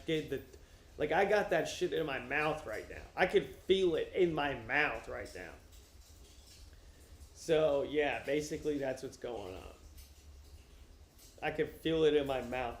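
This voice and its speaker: A man chatting casually and profanely on a livestream from a room at home while wearing headphones, joking around as he reads a novel aloud. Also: on the high side. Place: room at home with his dog. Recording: roomy echo.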